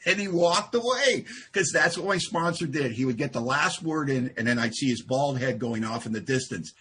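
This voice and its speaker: A man's voice: mid-range voice, a little fast, a little hiss or hum. A man speaking at a recovery meeting, telling a self-mocking story and acting out the voices of the people in it. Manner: animated, acts out quoted voices, self-mocking humor. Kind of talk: storytelling talk.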